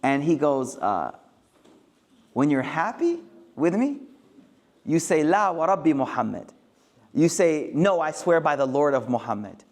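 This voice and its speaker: A man's voice: fairly high pitch, very animated, a little slow, pauses often, darkish tone. A man giving a casual, joking religious talk to a live audience, using street slang and acting out quoted lines. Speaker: Islamic speaker.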